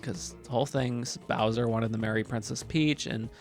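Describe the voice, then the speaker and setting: A man's voice: mid-range voice, steady tone, moderate pace, faint music behind. A young man giving a casual, chatty movie review, swearing freely and mocking what he describes.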